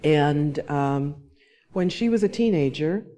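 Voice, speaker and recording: A woman from Alabama speaks as a panelist. She tells a personal story at an unhurried pace, wry and measured, with a dry humor that carries through her telling. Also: deep voice, animated, dark tone.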